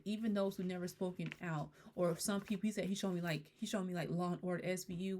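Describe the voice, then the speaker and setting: Woman tarot reader, lowish voice, rambling casual channeling talk. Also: a little hiss or hum. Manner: relays messages in rambling, hesitant speech. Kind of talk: casual spiritual channeling monologue.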